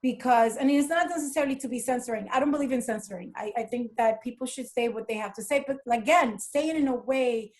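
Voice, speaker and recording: Animated woman guest, higher voice. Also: quick pace, hardly any pauses. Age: adult with children. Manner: animated, acts out dialogue from her stories. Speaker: podcast guest. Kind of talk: casual interview talk.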